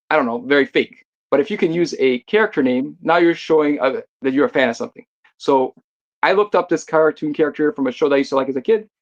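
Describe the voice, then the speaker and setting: A man's voice: a little high, muffled recording. A man from Quebec with a Québécois French accent, joining as a guest for a joking, argumentative casual chat. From Quebec, Canada.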